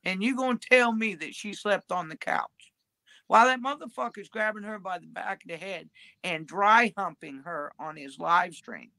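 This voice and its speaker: A woman's voice: medium pitch, normal speed, pushed and bright, no room sound. A woman livestreaming, talking in a crude, profane, drawling ramble.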